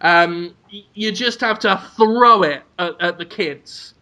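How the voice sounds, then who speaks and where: A man's voice: high voice, takes it slowly, bright, forceful tone. A man co-hosting a comedy podcast, rambling through absurd, crude scenarios. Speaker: podcast co-host.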